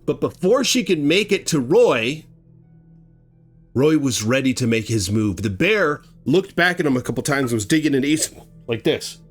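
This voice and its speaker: A man telling a grim story casually, animated and conversational, acting out sounds as he goes. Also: mid-range voice, normal speed, soft background music.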